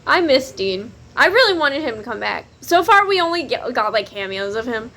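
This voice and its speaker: A woman's voice: on the high side, very animated, a little fast, bright, forceful tone. A young woman, chatting casually to camera about books, swearing freely and laughing often. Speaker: book vlogger.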